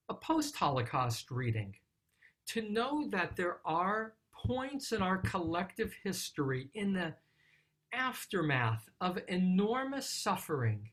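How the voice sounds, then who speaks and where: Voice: medium pitch, a bit bright. A rabbi giving a Psalm study talk, reciting Hebrew verses and then translating them in a thoughtful, explaining way.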